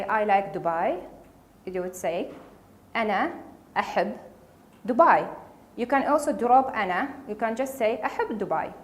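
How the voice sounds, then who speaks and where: A woman teaching a casual spoken language lesson, patiently repeating each word for learners. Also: a little high. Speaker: Arabic dialect teacher.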